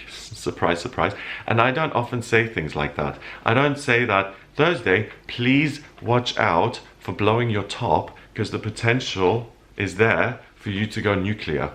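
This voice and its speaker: Earnest man giving weekly horoscopes. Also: on the low side. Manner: earnest, emotional, animated. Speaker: astrologer host.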